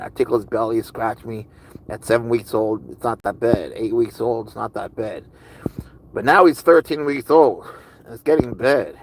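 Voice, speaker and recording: Man, livestream host, casual rambling chat, gravelly voice, faint background noise. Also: mid-range voice, poor audio. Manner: rambling, chatty, answers viewer chat. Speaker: livestream host with pet cat.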